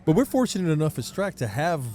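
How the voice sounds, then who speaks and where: A man with a slightly high voice talks fast in a live podcast chat. He keeps chiming in to agree with the others. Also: sing-song, crowd noise. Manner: agreeable, quick interjections. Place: outdoor trade skills event.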